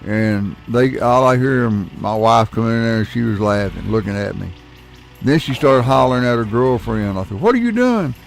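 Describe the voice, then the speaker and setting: A man's voice: on the low side, steady tone, moderate pace, gravelly, soft background music. A middle-aged man, telling a rambling, folksy story with casual swearing while he plays a game. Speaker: gaming channel host.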